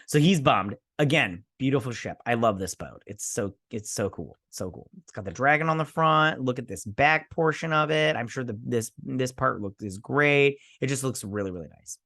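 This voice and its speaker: A man's voice: mid-range voice, expressive, moderate pace, few pauses, fairly bright tone, no room sound, clean studio sound. A man hosting a review show, recapping an episode in a loose, slangy way and voicing the characters' lines in passing. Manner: retells scenes by casually voicing characters' lines; loose and slangy, with many fillers.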